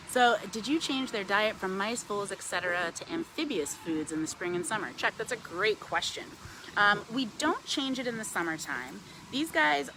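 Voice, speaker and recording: A woman educator from a wildlife center gives a chatty live talk outdoors in the wind, speaking with a lowish voice. She talks fondly to an owl, says "um" often, and answers questions from viewers.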